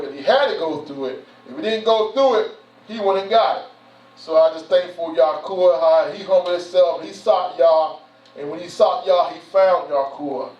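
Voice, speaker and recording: Slightly high and darkish in tone, this man's voice carries through a church hall. He speaks as a church elder in a folksy, informal address, repeating himself and using "you know" and "man" a lot, captured in a roomy, distant, dull recording.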